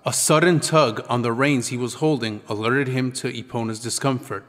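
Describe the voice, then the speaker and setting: A man reading an audiobook in a measured, descriptive storytelling manner. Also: mid-range voice, steady tone, a bit bright. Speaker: audiobook narrator. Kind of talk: scripted audiobook narration. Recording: long reverb with background music.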